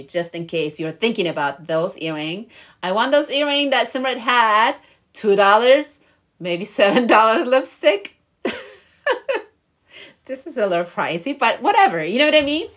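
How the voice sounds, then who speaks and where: Young woman, lifestyle vlogger, casual motivational chat to camera, bubbly, encouraging, laughs a lot, middle pitch. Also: a bit bright. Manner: bubbly and encouraging, many fillers, laughs often.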